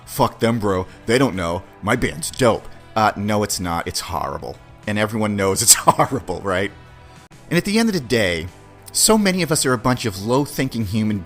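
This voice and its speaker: His medium-pitched, slightly bright voice carries a blunt, casual podcast monologue with slang and cursing. He hosts the show himself and slips into quick put-on voices to act out little exchanges.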